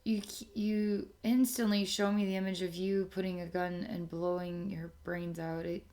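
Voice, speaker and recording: A woman giving a channeled spiritual reading to someone, speaking softly and often checking in with "okay?". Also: lowish voice, flat delivery. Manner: slow, soft, repeats okay to check in. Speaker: spiritual intuitive reader.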